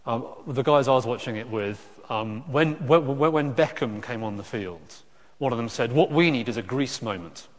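A man preaching a sermon in a conversational way, with frequent restarts and lively asides. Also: mid-range voice, normal speed. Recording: echoey hall reverb.

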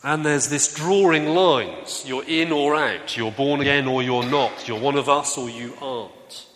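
A man preaches a sermon in a relaxed, conversational style, telling stories and putting questions to the audience. His mid-range voice is unhurried and a touch bright, with a faint hiss or hum. The recording has a long hall reverb.

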